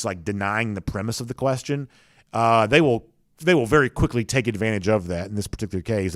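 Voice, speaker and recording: Male sports talk host, Southern American accent, mid-pitched, chatty and opinionated, dry close sound. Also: a bit bright, dry recording. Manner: chatty, opinionated, with frequent restarts. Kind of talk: live sports talk commentary.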